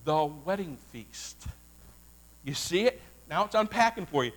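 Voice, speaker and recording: A man preaching a sermon as a Baptist pastor, animated and folksy, calling out to his congregation. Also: fairly high pitch, a little slow.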